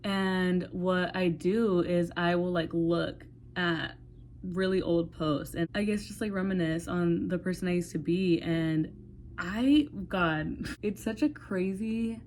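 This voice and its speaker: Talking to her phone camera, a vlogger in her twenties rambles candidly, cursing freely and leaning on "like." She has a lowish, somewhat dark voice against slight background noise.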